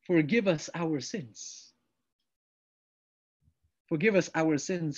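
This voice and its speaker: A man preaching a sermon to a congregation, animated, acting out the prayers and replies he quotes. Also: on the high side, slow pace, pauses often. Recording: dull lo-fi sound.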